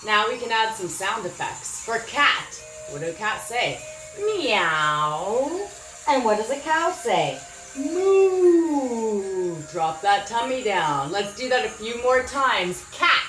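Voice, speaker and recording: A woman leading a children's yoga class, giving gentle, encouraging instructions with frequent praise. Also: medium pitch, expressive, measured pace, few pauses, reverberant, soft background music. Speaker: kids yoga teacher. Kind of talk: guided children's yoga lesson.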